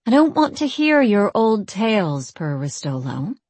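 A woman voicing a young queen who speaks curtly and cuts in with sharp, knowing remarks. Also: medium pitch, sing-song, measured pace, husky, no echo, pitched above the performer's own voice. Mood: impatient. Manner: curt, cutting in.

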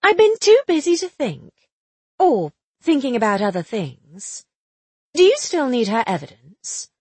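A woman reading the lines of a quick-witted young woman amateur sleuth, chatty and teasing, with a breathy voice. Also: sits high, very animated, darkish tone, dry recording, full character voice. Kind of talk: audiobook dialogue reading.

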